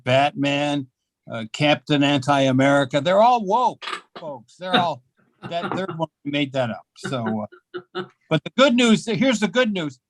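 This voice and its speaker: Older man doing halting deadpan stand-up. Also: a little high, no room sound. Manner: deadpan, self-mocking, halting with fillers. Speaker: stand-up comedian. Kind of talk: stand-up set at an open mic. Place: small comedy club.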